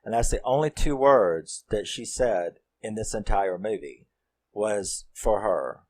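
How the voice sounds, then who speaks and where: A man's voice: lowish voice, lively intonation, a little slow. A man rambling through a horror film recap in casual talk, profane and fired up. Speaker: horror movie reviewer.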